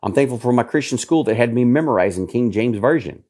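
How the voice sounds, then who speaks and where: A man in his fifties preaching a sermon, emphatic and repetitive, his voice jumping suddenly in pitch to stress a point. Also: expressive, fast talker, darkish tone. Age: 50s.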